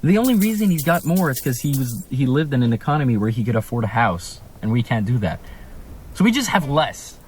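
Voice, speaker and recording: A man's voice: mid-range voice, very animated, fairly quick, darkish tone, slight background noise. A young man from Canada, speaking in a casual vlog from a room at home, ranting with emphatic rhetorical questions. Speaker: vlogger.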